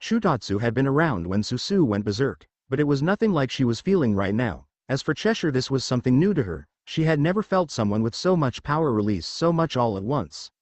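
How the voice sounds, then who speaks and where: Man narrating fan fiction, plain storytelling, lively pitch, dry close recording. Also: fairly quick, hardly any pauses, no echo. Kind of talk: fan fiction read-aloud.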